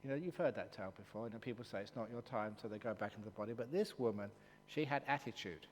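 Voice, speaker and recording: A man, a Buddhist monk, giving a humorous dharma talk, playful and teasing, dropping at times to hushed passages, in an echoey hall with a faint hum. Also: on the low side, very fast.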